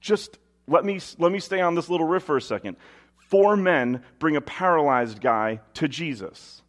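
A man's voice: on the high side, lively intonation, normal speed. A man preaching a sermon, reading scripture aloud and asking rhetorical questions in a conversational way.

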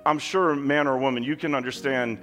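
A man's voice: mid-range voice, fairly even intonation, brisk, a bit bright. A man preaching a sermon in a conversational style, with emphatic asides to the congregation. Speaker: pastor. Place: church with kids in the room.

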